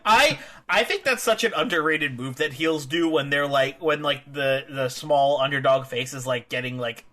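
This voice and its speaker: A young man co-hosting a wrestling podcast, talking in an animated, laughing way with lots of "like" fillers. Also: a little high, a little slow. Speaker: podcast co-host. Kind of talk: casual wrestling podcast chat.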